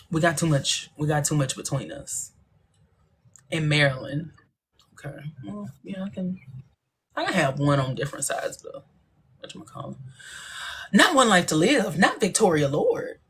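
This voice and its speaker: A woman with a country northern Louisiana accent chats playfully on her phone livestream, teasing and reading out viewer comments. Her voice sits low, with a faint hum of noise behind it. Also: fairly bright tone. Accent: northern Louisiana Southern. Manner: playful, chatty, teasing, quick asides. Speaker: livestream host.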